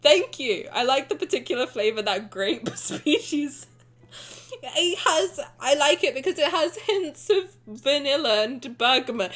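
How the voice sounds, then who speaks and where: A young woman streaming live, her voice high and bright, swinging up and down with lots of expression. She talks in a casual, teasing, blunt way, cursing freely and breaking into giggles. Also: lively intonation, unhurried.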